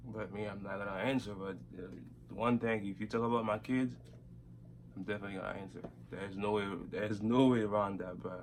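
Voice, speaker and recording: A man's voice: on the low side, fairly even intonation, fairly quick, a little hiss or hum. A young man from Haiti with a strong Haitian accent, chatting casually with his partner, laid-back and stammering through restarts. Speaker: vlogger. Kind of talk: casual couple chat.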